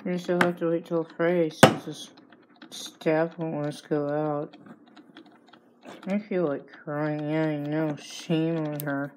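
Low, flat-voiced woman playing pretend. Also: takes it slowly, noisy background. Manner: answers herself back and forth, mock-indignant. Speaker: vlogger. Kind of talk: playful pretend dialogue.

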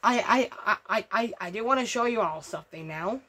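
A woman's voice: medium pitch, fairly quick, husky. A woman hosting a gaming channel, talking casually over gameplay, stammering and repeating herself, swearing and easily riled. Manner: stammering, repetitive, profane, excitable.

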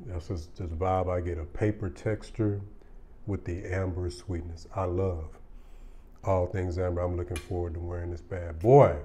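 A man's voice: low voice, fairly even intonation, normal speed, dark tone. A man casually reviewing fragrances in a laid-back, slangy and enthusiastic way. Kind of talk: casual product review chat.

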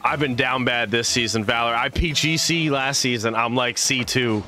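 Bright-voiced playful male game caster. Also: mid-range voice, normal speed, soft background music. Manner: playful, silly made-up words, chats with viewers. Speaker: esports caster and streamer. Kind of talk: live game commentary.

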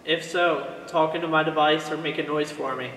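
A calm, measured man on a ghost-hunting vlog, talking to an unseen spirit and counting down slowly in a fairly high voice. He is caught from a little way off in an echoey empty office at night, and the reverb hangs after each line. A faint hiss sits underneath. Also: vocal fry. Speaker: paranormal investigator. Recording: echoey room, mic some distance off, faint noise.

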